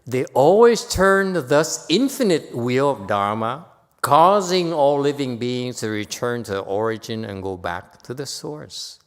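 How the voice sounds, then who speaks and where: A man giving a Buddhist dharma lecture in a temple hall, playful and teasing, jumping from loud emphatic lines to quiet asides. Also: mid-range voice, lively intonation, measured pace. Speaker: Buddhist teacher.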